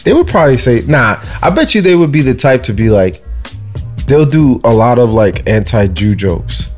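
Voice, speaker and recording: A man's voice: mid-range voice, sing-song, normal speed, darkish tone, faint music behind. A young man co-hosting a casual podcast chat, rambling with constant "like" fillers and swearing. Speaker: podcast co-host.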